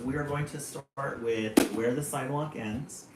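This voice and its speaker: A man's voice: mid-range voice, steady tone. A man hosting a live stream, reading children's poems aloud in a playful way. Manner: slow, playful, chuckling between poems. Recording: roomy room, faint hum.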